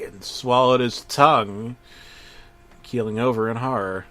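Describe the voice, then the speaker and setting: A man narrating a parody horror story in a deadpan voice, breaking into sudden shouted outbursts and swearing. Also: lowish voice, moderate pace.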